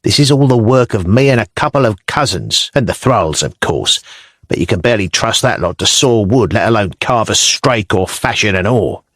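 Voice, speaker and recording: A man's voice: on the low side, expressive, moderate pace, a bit bright, no echo, studio quality. A male narrator voicing a small, testy shipwright who speaks with scorn in an audiobook. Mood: scornful. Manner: scornful, spitting.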